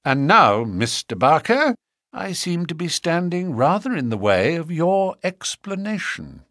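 A man voicing a brilliant gentleman detective who explains things gravely and precisely. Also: a little high, sing-song, unhurried, no echo, studio quality, voice pushed up.

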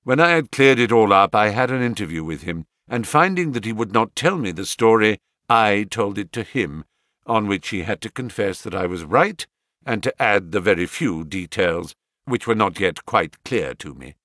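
A man voicing a stern, self-assured detective who speaks in a measured, authoritative way, read as an audiobook. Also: lowish voice, expressive, a bit bright, dry recording, studio quality. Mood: composed. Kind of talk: audiobook character reading.

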